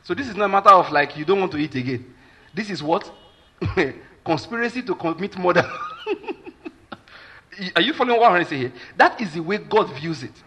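A man's voice: high-pitched, expressive, quick pace, sharp tone, breathy edge. A man with a Nigerian accent preaching a sermon as a pastor, emphatic and repeatedly checking that listeners follow his point, with Pidgin asides.

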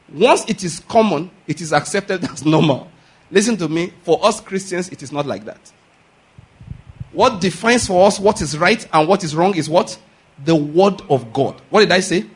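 A man's voice: sits high, slightly rough. A man preaching a sermon, emphatic, asking rhetorical questions, repeating key lines and calling for the audience to answer. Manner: calls for audience responses.

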